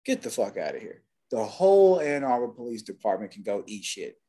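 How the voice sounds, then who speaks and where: A man's voice: on the low side, sing-song, fairly quick, warm tone. A man co-hosting a podcast, talking in a blunt, heated and profane way. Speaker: podcast co-host. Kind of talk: casual opinionated chat.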